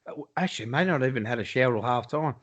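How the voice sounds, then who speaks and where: An Australian man talking sport with a mate over a video call. His banter is loose, blokey and full of swearing, at an ordinary middle pitch. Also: fast talker, fairly bright tone. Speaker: podcast co-host. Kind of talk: casual chat. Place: home, lives in Iowa.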